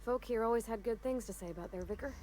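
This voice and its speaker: A woman's voice: on the high side, fast talker, a crowd in the background, natural voice. A woman voicing a plain-spoken townswoman. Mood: fond.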